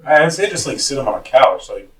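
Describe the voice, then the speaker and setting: A man's voice: medium pitch, very animated, quick pace, a bit bright. A man co-hosting a casual podcast, making offhand joking asides. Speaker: podcast co-host. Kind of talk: casual chat. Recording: a bit distant from the mic.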